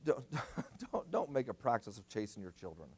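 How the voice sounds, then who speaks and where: Emphatic preaching man, lively pitch. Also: moderate pace, husky. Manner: emphatic preaching, repeats commands for stress. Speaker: guest speaker at family seminar. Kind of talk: sermon. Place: church.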